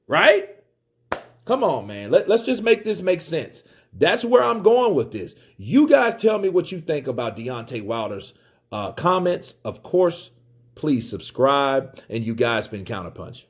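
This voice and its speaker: Animated, profane male boxing commentator. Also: fairly high pitch, a little slow. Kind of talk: casual boxing commentary vlog.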